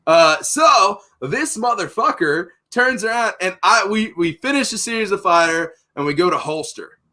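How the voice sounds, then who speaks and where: A young man tells a war story with loads of swearing and big bursts of energy. His voice sits a bit high and sounds bright and sharp. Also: normal speed. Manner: profane, animated storyteller. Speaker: podcast host. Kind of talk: casual storytelling.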